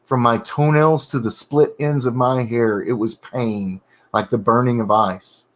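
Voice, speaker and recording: A man's voice: mid-range voice, steady tone. Man reading his own horror draft. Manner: reads in halting bursts, pausing to correct and comment on his wording. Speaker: writer streaming his editing.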